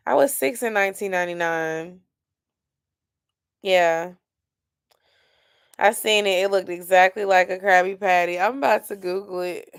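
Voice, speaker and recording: A woman's voice: medium pitch, normal speed, long pauses, smooth. A woman, chatting casually and sleepily with viewers on a late-night livestream. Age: 30s. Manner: sleepy, chatty, yawning and laughing. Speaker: livestream host.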